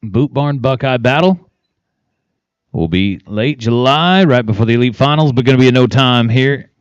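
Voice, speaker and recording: A man's voice: mid-range voice, expressive, normal speed, clean tone, dry recording, muffled recording. A man announcing a team penning competition, calling out teams, times and cattle numbers. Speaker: arena announcer. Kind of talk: live event announcing.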